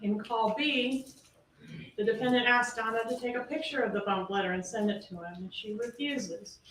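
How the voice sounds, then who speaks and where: A woman's voice: fairly high pitch, moderate pace, a bit bright. Emphatic woman prosecutor in a courtroom. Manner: emphatic, rhetorical questioning. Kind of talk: closing argument to a jury. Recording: roomy courtroom audio from a distance, faint hiss.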